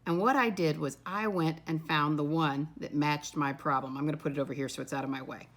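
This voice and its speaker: A woman teaching a first-grade lesson. She talks to the children in a patient, encouraging way and counts aloud slowly and clearly. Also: sits low, fairly even intonation. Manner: patient, encouraging, often says "my friends". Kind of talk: recorded classroom lesson.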